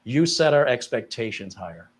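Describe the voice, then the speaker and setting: Animated man telling a tech story. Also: mid-range voice, normal speed. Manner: animated, incredulous retelling with laughs. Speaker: tech support co-host. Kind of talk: casual storytelling on a live stream.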